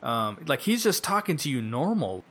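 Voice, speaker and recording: Chatty man mimicking people mid-story. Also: slightly rough. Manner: animated, mimics people in quick asides. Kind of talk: casual wrestling chat. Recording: faint rumbling background noise.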